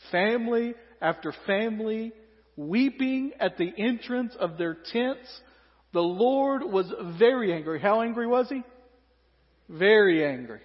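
A male pastor preaching a sermon, animated, acting out quoted voices and joking with the congregation. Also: high voice. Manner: animated, acts out quoted voices, humorous asides to the audience. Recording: dull recording with long hall reverb.

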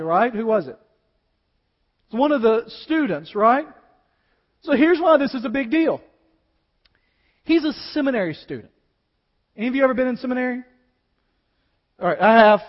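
A middle-aged male pastor with a strikingly high voice preaches a sermon. He keeps it conversational, tossing rhetorical questions and wry asides to the congregation. His voice rings through a long reverberant sanctuary on a dull, muffled recording.

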